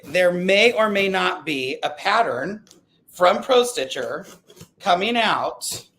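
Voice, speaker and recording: A man hosting a casual live stream chat, talking in an excitable, rambling way and often breaking off mid-sentence. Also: on the high side, gravelly. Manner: chatty, excitable, self-interrupting. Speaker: livestream host.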